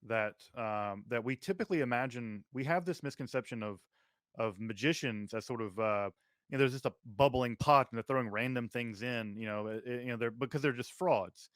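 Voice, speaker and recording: A man's voice: mid-range voice, a little fast, a bit bright, no echo. A man hosting an academic conversation, speaking emphatically and articulately. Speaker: podcast host.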